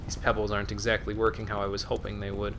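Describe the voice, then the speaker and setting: A man's voice: on the low side, completely flat delivery, fast talker, fairly bright tone, a little hiss or hum. A man casually commenting on his own play during a live game stream, muttering and chatting with viewers. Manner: chatty, mutters to himself, reads chat aloud.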